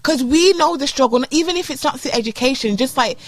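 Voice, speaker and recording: A young woman co-hosting a podcast, chatting casually in slangy, expressive talk and mimicking teachers. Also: sits high, fairly quick. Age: young adult. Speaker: podcast co-host. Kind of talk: casual chat.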